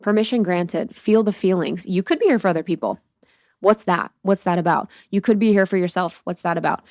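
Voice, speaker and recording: A woman's voice: on the low side, fairly quick, darkish tone, no room sound, studio quality. A woman in her thirties hosting a solo podcast, telling a personal story candidly and expressively, swearing freely and acting out her own thoughts. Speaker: podcast host.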